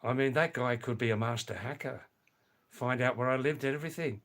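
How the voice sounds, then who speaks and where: An older man hosting a casual live stream from home, reading viewer comments in a slow, rambling way and repeating his words. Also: medium pitch, steady tone, fairly bright tone. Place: home in a small farming hamlet.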